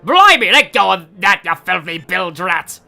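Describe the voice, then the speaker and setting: A blustering old robot pirate captain barks in a gruff, theatrical pirate accent, as a streamer puts him on. The voice is bright and swoops widely, with faint music underneath from a game. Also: medium pitch, big pitch swings, measured pace, exaggerated voice. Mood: furious. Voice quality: gruff, growling "arr" exclamations. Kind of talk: gaming stream voicing of game dialogue.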